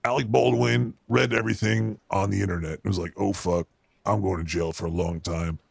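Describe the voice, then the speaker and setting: Here the same rat character, a cartoon show host, is voiced fully by a man who rants with crude exasperation over the news in a comedic, paranoid, foul-mouthed way. The pitch sits fairly low and gravelly, the intonation stays fairly even, and he talks briskly with no echo.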